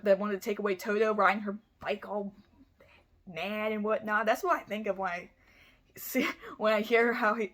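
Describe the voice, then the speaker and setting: Woman vlogger, mid pitch, casual true-crime storyteller, rambling and profane. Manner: rambling and chatty, full of "like" and "you know"; blunt, swears freely.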